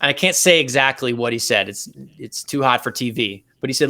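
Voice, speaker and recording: The guest in this interview is a saxophonist, a man with a mid-range voice who talks fairly quickly with hardly any pauses. He's relaxed, telling animated stories and breaking down technical ideas step by step.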